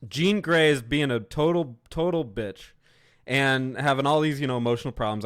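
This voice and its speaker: A man's voice: medium pitch, fairly quick, smooth. A man co-hosting a podcast, casually mocking a movie in chat and laughing along. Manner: wry, laughing, mocking the film. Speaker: podcast co-host.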